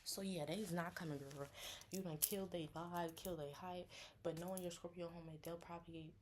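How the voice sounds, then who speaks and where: A woman chatting casually about astrology, animated and slangy, acting out friends in higher voices. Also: fairly quick, slight background noise. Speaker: astrology content creator. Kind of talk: casual chat.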